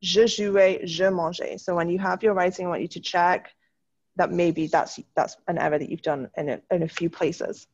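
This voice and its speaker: A woman's voice: lowish voice, steady tone, darkish tone, highs cut off. Upbeat woman teaching French over a call. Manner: upbeat, encouraging, slows down to model French words. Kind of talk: online class, correcting student writing. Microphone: video call.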